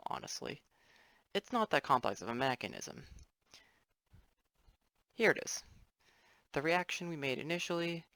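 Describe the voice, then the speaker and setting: A man's voice: mid-range voice, gravelly, a bit bright, no room sound. A young man, a student, giving a casual explainer lesson over his drawings, rambling with offhand apologetic asides. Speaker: student presenter.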